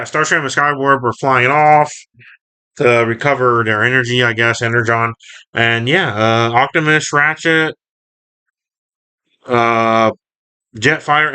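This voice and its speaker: A man's voice: medium pitch, pushed and bright, smooth. A man casually reading and reviewing a comic book, recapping the story in a rambling, self-correcting way.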